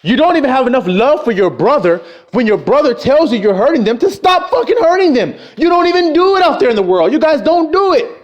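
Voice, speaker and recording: A man's voice: very high-pitched, sing-song, brisk, muffled recording. A man delivering an angry, profane street sermon, scolding his listeners and mocking the voices of people he quotes. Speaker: preacher.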